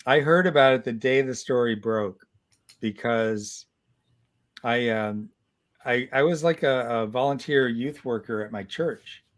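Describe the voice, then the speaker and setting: Sixties man, guest storyteller, lively and halting, mid-pitched. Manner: animated storyteller, many restarts. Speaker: guest comic artist. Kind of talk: casual storytelling interview.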